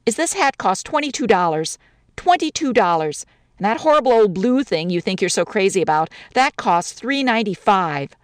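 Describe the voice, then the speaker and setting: A woman's voice: mid-range voice, sing-song, moderate pace, no room sound, studio quality, natural voice. A woman reading a story, voicing a touchy young newlywed bride who rambles through wounded, sarcastic complaints.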